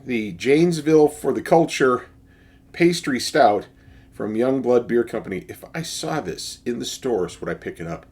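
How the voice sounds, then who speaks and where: Guy reviewing a beer on his vlog, kinda husky voice, lots of uhs and restarts. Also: mid-range voice, animated, normal speed, a little mellow. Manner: enthusiastic, with frequent fillers and restarts. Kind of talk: casual tasting review.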